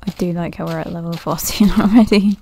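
A woman's voice: lowish voice, fairly even intonation, fairly quick, mellow, slight background noise. Woman thinking aloud over a game. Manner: thinks aloud, nervous, often laughs and drops to a whisper. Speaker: gaming video creator. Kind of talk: casual let's-play commentary.

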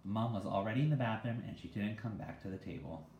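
A man reading a children's novel aloud in a relaxed, conversational way. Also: fairly low pitch, quick pace, a little hiss or hum. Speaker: reader. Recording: echoey room.

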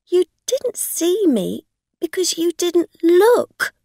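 A woman's voice: fairly high pitch, animated, takes it slowly, no room sound, studio quality, voice pushed up. A woman voicing a scheming con woman who makes blunt, accusing demands.

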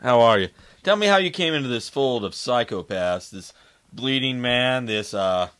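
A man's voice: mid-range voice, expressive, normal speed, fairly bright tone, clean tone. Joking, profane male podcast host. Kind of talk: casual interview chat.

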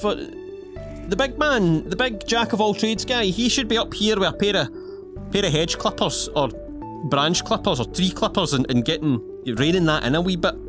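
A man with a high voice speaks at a moderate pace, offering playful, cheeky, in-character commentary while gaming for his YouTube channel. He rambles along as game music plays in the background.

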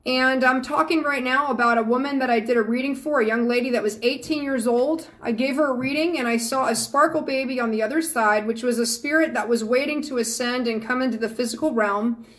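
A woman's voice: high-pitched, brisk, hardly any pauses, fairly bright tone. A woman from Georgia, hosting a live stream as a psychic medium and chatting earnestly and affectionately with viewers. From Georgia, USA.

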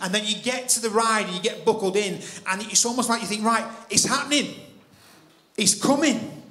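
A man preaching in church, telling a personal story with animated delivery and acting out his own thoughts. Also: sits high, normal speed, roomy sound. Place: church hall.

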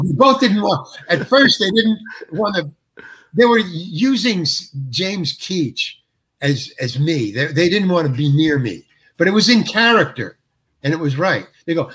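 Older male actor, husky and slightly high, halting storyteller who chuckles through his stories. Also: expressive, fairly bright tone. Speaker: actor guest. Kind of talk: anecdotal interview storytelling.

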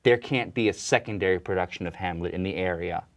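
A young man with a very low voice talks easily through an interview. He tells his stories in a relaxed way and jokes at his own expense. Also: fast talker. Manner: relaxed, joking storyteller. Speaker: actor and guest. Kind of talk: casual interview chat.

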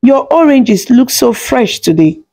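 Storybook role: woman voicing a cheerful young wife, friendly and teasing, mellow voice. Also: fairly high pitch, lively intonation, unhurried, breathy edge, voice pushed up, full character voice.

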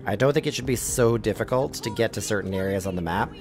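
A man streaming a game live, chatting casually and reacting loudly to what happens on screen. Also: on the low side, fast. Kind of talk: live gameplay commentary. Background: game music.

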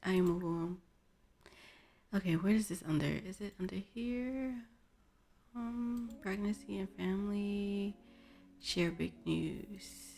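A woman's voice: medium pitch, slow, gravelly, pauses often, warm tone. A woman hosting a casual let's play, chatting and exclaiming at the characters in her game. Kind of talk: casual gameplay commentary. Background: faint background music.

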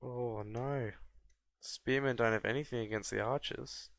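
A man from Australia, casually commentating a strategy game and often breaking into high excited yelps and laughs. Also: a little slow, gravelly, no room sound. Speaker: gameplay commentator. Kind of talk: casual let's-play commentary.

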